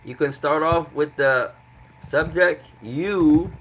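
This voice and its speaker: Bright-voiced male Arabic teacher. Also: medium pitch, normal speed, slight background noise, low-quality recording. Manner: patient, repeats translations several ways; breaks grammar into small steps. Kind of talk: classroom lesson.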